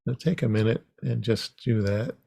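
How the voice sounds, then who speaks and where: A man teaching an online comics workshop over a video call, unhurried and halting, with frequent ums. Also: fairly low pitch, gravelly, warm tone, husky, no room sound, clean studio sound.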